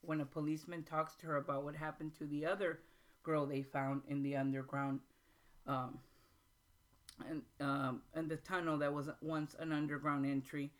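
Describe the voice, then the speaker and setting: A woman hosting a writing workshop, explaining in an informal, halting way with frequent pauses and restarts, and reading passages aloud slowly. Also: low-pitched. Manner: reads excerpts aloud slowly. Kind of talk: informal teaching talk.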